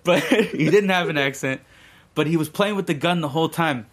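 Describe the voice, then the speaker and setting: A man's voice: fairly high pitch, moderate pace. A young man co-hosting a podcast, telling a rambling story in casual, profane talk. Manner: profane, rambling, laid-back. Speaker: podcast co-host.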